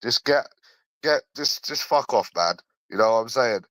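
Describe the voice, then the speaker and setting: A man's voice: medium pitch, lively intonation, normal speed, fairly bright tone, no room sound, low-quality recording. London guy ranting on and on, swearing, sarcastic, dry close sound. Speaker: vlogger. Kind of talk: ranting monologue.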